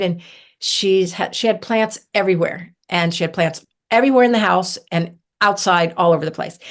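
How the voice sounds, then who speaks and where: A woman from southern Ohio, a guest on a podcast, telling stories in an animated, chatty way with many fillers. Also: on the low side. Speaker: herbalist guest. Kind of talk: casual storytelling interview.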